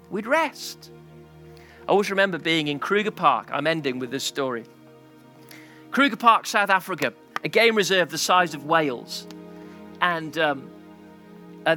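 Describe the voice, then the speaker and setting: A man's voice: sits high, sharp tone. A male pastor preaching a sermon, telling a story and building to a passionate climax.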